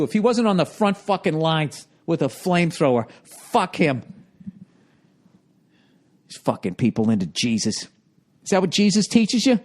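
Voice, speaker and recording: Profane, ranting man, high voice. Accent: Boston. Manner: profane, exasperated storytelling, jumps into loud mock voices. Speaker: podcast host. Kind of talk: ranting monologue.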